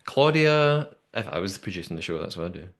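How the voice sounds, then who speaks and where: A young man hosting a podcast, chatting casually and telling the story in a lively way with lots of fillers. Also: deep voice, a little fast. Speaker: podcast host. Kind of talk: casual recap chat.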